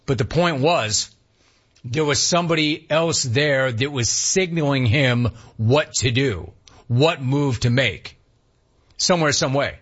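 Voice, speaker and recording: A man's voice: mid-range voice, slow pace, breathy edge, muffled recording. A man hosting a radio talk show, riffing animatedly and reading listener emails aloud. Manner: animated, riffing, mock-incredulous. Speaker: radio host.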